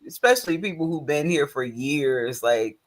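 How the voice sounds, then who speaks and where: A man in a casual chat, relaxed and agreeable, often answering with short affirmations. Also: fairly high pitch, normal speed.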